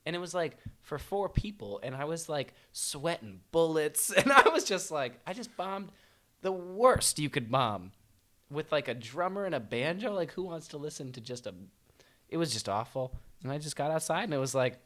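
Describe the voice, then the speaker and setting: A man's voice: fairly high pitch, lively intonation, normal speed, fairly bright tone. A man talking as a musician guest on a podcast, telling stories with self-deprecating laughs. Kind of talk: casual podcast chat.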